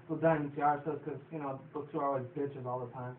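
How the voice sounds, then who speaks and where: A man's voice: fairly high pitch, fairly even intonation, fast talker. Rambling, profane man on a tinny line. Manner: rambling, profane, laughs often. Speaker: show reviewer. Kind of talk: casual episode recap. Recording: tinny distant phone-like audio in an echoey room.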